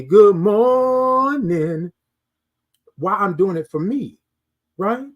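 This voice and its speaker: A middle-aged man hosting a morning live stream, preaching self-worth in a repetitive, sermon-like way and greeting viewers in the chat. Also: high voice. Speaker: host of a morning live show. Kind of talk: motivational live-stream talk.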